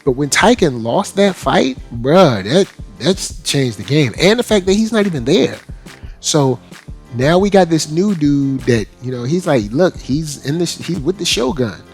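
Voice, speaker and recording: A man hosting an anime review show in casual, slangy commentary, animated and laughing often. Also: fairly high pitch, measured pace, faint music behind.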